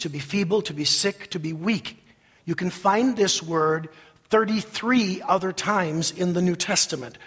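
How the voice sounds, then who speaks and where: A man preaching a sermon as pastor, leading the congregation in slow, emphatic repetition in a church sanctuary. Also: high voice, fairly bright tone, breathy edge. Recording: long reverb of a large hall.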